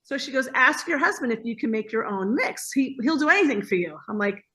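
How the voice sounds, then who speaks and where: A woman with a high, brisk voice, a guest who runs a hospitality business, tells stories in a casual video-call interview. She's a lively storyteller who acts out the voices of the people she quotes.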